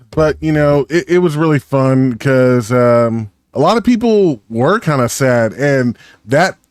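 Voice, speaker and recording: A man's voice: medium pitch, animated, slow pace, darkish tone, clear, resonant tone, dry recording. Male podcast co-host, mid voice, easygoing and goofy, dry close mic. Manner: laid-back, goofy, swears casually. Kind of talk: casual podcast chat.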